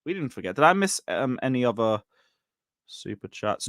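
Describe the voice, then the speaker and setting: A man's voice: medium pitch, sing-song, fairly quick, a bit bright, no room sound, clean studio sound. A man hosting a football livestream, chatting casually and reading out viewer messages. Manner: chatty, reads out chat messages. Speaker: livestream host.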